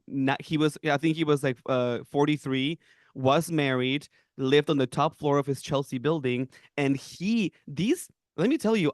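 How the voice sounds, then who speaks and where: A young man from Peru co-hosting a podcast, telling a story in animated casual chat with lots of laughs and fillers. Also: a little high, dry recording, clean studio sound. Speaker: podcast co-host.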